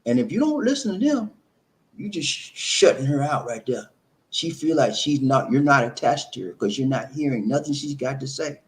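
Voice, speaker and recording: A man's voice: medium pitch, big pitch swings, moderate pace. A man giving relationship advice in an emphatic, preachy monologue, repeating himself and calling listeners "man".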